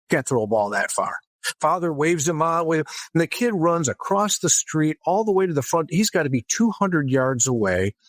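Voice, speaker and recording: A guest author being interviewed tells a story in a casual, animated way, frequently starting his sentences over. His voice is medium-pitched, with no room sound.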